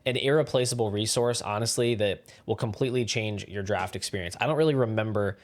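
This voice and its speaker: A man hosting his fantasy football channel, talking through draft advice in steady, explanatory scripted commentary. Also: fairly low pitch, a little fast.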